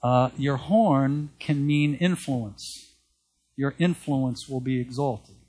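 A man's voice: medium pitch, slow pace, mellow, husky. A man preaching a sermon, speaking earnestly, repeating key phrases and reading Bible verses aloud. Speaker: pastor.

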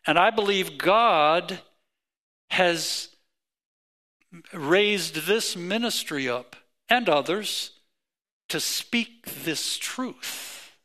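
A middle-aged man preaching a sermon as pastor, emphatic with repeated phrases that climb in pitch. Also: lively intonation, drawn-out words, long pauses, sharp tone.

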